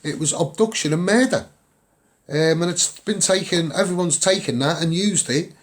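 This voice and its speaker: A man's voice: fairly high pitch, moderate pace. Scouse man, chatty livestream campaigner, rambles and repeats himself, lots of ums. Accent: Liverpool (Scouse). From England. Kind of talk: casual livestream chat.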